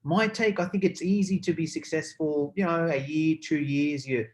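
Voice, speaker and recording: A young adult man hosting a podcast interview in an excitable, rambling way with lots of fillers. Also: on the high side, normal speed. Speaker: podcast host. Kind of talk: casual interview chat.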